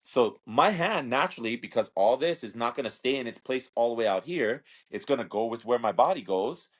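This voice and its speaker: Man, thirties, casual interview guest, rambling storyteller, repeats himself, mid-pitched. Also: lively intonation, brisk. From Hawaii. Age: 30s. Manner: rambling, repeats words, acts out quoted voices. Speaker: interview guest, slap fighter.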